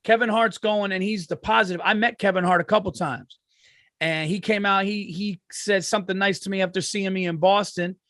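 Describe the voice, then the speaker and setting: High-voiced man telling animated stories. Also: a little fast, no room sound, clean studio sound. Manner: animated storyteller, swears freely. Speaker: podcast host. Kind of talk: casual chat.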